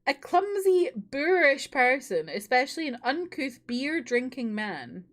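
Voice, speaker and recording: A woman streamer commenting on her playthrough with amused, chatty asides. Her voice sits a touch high and sounds bright and crisp. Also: big pitch swings, measured pace. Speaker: gaming streamer.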